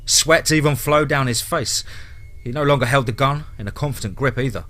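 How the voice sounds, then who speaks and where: A man's voice: medium pitch, brisk, a bit bright. A man telling a horror story aloud in a dramatic, tense narration style.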